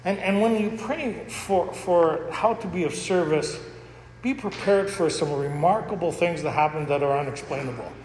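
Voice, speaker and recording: Speaking at a recovery gathering, a man shares personal stories candidly and with jokes, frequently laughing along. His voice is a little high and a little mellow at normal speed, with slight background noise in a hall that echoes with long reverb.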